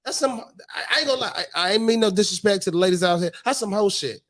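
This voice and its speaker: A man with a notably high voice for a man, talking frankly and with plenty of swearing. He acts out what people say as he chats casually with friends on a podcast. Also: fast, a bit bright. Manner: frank, profane, acts out quotes. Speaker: podcast co-host. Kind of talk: casual chat. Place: bar on location.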